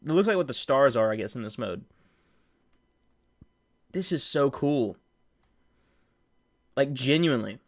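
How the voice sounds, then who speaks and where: A man's voice: medium pitch, measured pace, long pauses. Hyped young man reacting on stream. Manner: excitable, loud bursts of hype and laughter. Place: home room.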